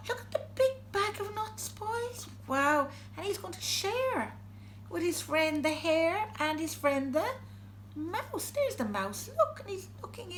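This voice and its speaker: A woman reads a picture book aloud to her children in a high, bright voice. She is animated, gasping and stopping to ask them questions, and her pitch swings widely at an unhurried pace. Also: echoey room, a little hiss or hum. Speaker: parent reading to her boys.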